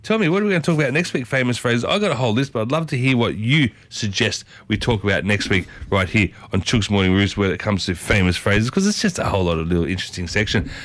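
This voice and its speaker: An Australian man hosting a morning radio show, chatting casually and rambling, with big upward swings in pitch, on a studio microphone. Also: expressive, fast talker, hardly any pauses, a bit bright, no room sound. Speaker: radio host.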